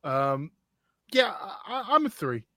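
A man's voice: on the high side, big pitch swings, measured pace, sharp tone, dry recording. A man who produces a movie review podcast, chiming in with wry, chuckling remarks. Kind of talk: casual movie review banter.

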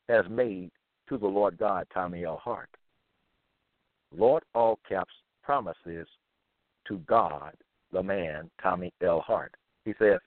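A man's voice: lowish voice, no room sound. Male speaker, plodding scripture reading with commentary, thin lo-fi line. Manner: slow, deliberate and repetitive. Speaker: monologue speaker. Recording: tinny phone-like line, dry.

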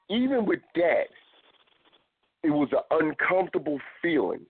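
Over a dry, tinny phone-line recording with no echo, a man hosts a casual talk show. His lowish voice is slightly rough, and he keeps repeating words and starting phrases over.

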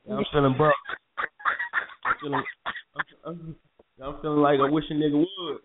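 A man, hosting a casual podcast chat and telling stories in an animated, slangy way. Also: fairly high pitch, normal speed, heavy background noise. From North Carolina. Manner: animated, slangy, jumps into impressions of police. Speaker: podcast host. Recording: tinny phone-like sound.

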